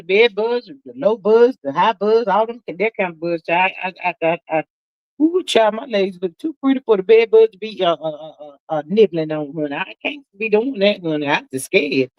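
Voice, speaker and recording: Lively and drawling, a woman in her sixties runs a chatty gossip livestream, calling everyone "honey" and "child" and leaping high in pitch for emphasis. The sound is muffled, with no room sound.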